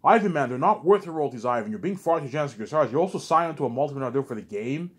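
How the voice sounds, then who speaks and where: A man's voice: mid-range voice, expressive, rapid-fire, husky, voice pushed up. A man voicing a pushy, exasperated male film director who nags and keeps repeating the listener's name.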